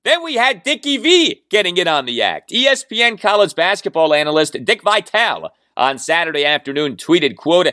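A man's voice: high voice, big pitch swings, normal speed, few pauses, bright, forceful tone, dry recording, clean studio sound. Emphatic male sports talk host. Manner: emphatic, argumentative, keeps asking "okay?". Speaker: podcast host. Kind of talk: opinionated sports talk monologue.

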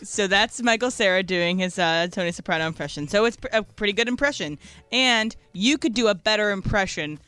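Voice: mid-range voice, animated, a little fast, sharp tone, clear, resonant tone, no echo. A producer on a radio show, playful and giggly while leading a segment. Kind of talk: casual radio banter.

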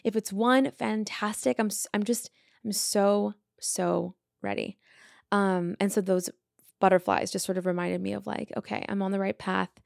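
A woman's voice: mid-range voice, fairly even intonation, moderate pace, gravelly, darkish tone, no echo, clean studio sound. A woman in her thirties hosting a casual personal update, chatty and rambling with many fillers. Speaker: podcast host.

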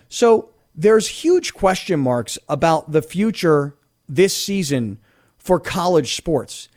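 A middle-aged man hosting a sports talk radio show in a studio, talking in an animated, rambling way and acting out the voices of the people he quotes. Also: high-pitched, measured pace.

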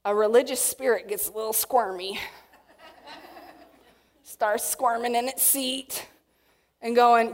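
A woman's voice: a little high, slow pace, long pauses. Woman preaching in a reverberant hall. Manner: animated, acts out quotes. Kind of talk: sermon. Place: church hall with audience.

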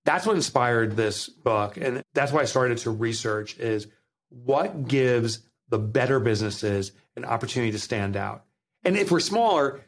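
Man, Jersey accent, guest author on a podcast, animated storyteller, middle pitch. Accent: New Jersey. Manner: animated storytelling, acts out quotes. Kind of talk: podcast interview.

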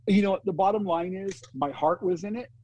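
A man's voice: high-pitched, a little fast, rough recording. A man, a concert promoter, telling stories in a casual podcast interview and acting out what others said. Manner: animated storyteller, acts out quotes of others. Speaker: concert promoter and booking agent.

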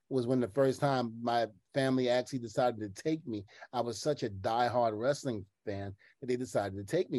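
A middle-aged former wrestler telling stories in a casual chat, animated and laughing often, swearing now and then. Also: male voice, mid-range voice, no room sound. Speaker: former pro wrestler, guest.

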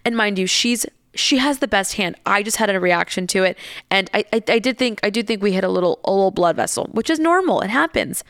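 A woman's voice: mid-range voice, animated, fairly quick, fairly bright tone, dry recording, studio quality. A young woman telling a candid story in a casual, chatty way, swearing and laughing as she goes.

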